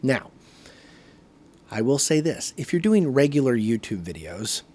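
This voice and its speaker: A man hosting his podcast, talking casually to camera in one take, with lively emphasis and a habit of saying "right", recorded on a phone camera. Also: medium pitch, measured pace. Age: adult, working a full-time job. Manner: conversational, varied emphasis, often says "right". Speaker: podcast host.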